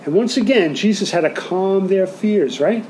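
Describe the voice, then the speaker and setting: A man with a high voice preaches a sermon to his congregation. He talks conversationally and keeps asking them questions. A faint noise sits behind him. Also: expressive, normal speed, a little mellow, rough recording. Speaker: pastor.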